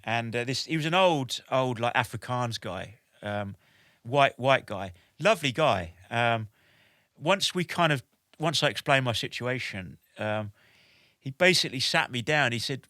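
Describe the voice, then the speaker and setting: Telling a lively story as a podcast guest, a military veteran from the United Kingdom sprinkles his speech with "like" and "basically." He has a medium pitch and a slightly slow pace, captured in studio quality with no room sound.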